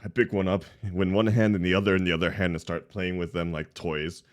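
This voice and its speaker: Player, male, somewhat low pitch, relaxed and low-key. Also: fairly quick, heavy background noise. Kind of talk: casual tabletop game chat.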